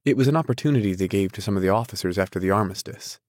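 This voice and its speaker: Man doing an earnest polite suitor, low voice, intense, dry close sound. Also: very fast, a little mellow, no echo, close to an everyday voice.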